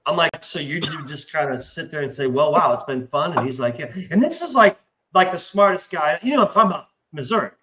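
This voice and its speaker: A man's voice: on the high side, a little fast, background noise. A man in casual chat, telling profane, rambling stories and acting out quoted voices. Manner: animated, acts out quoted voices. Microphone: remote stream call mic. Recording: roomy echo.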